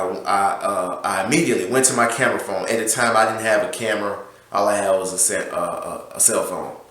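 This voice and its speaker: A man's voice: fairly low pitch, fairly bright tone. A man, owner of a small car wash business, casually telling a story about a customer, rambling with many fillers and restarts. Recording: very echoey room.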